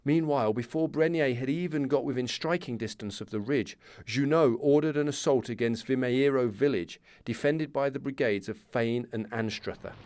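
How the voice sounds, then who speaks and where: Male history podcast host, scripted storytelling, close dry mic, mid pitch. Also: moderate pace, few pauses, a little mellow, no room sound. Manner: storytelling with casual asides.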